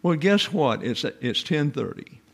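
A man's voice: a little high, very animated, a little slow, creaky, a bit bright. A man teaching the Bible to a class, stressing Greek words, asking rhetorical questions and often restarting his sentences. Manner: emphatic, repeats words and stresses Greek terms.

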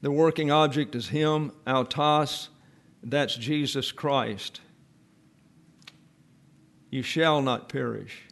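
A man preaching an expository sermon, teaching slowly and deliberately and repeating key phrases for emphasis. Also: mid-range voice, creaky, a bit bright.

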